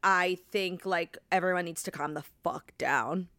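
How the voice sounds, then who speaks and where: A woman co-hosting a podcast in casual chat, animated and swearing freely, with lots of "like". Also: fairly low pitch, a little slow, no room sound. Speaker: podcast co-host. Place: hotel room.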